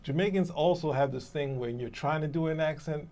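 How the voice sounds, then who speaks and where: A man's voice: on the high side, brisk, darkish tone. Man in a review chat, faint background hiss. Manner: interrupting, talks over others. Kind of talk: casual group debate.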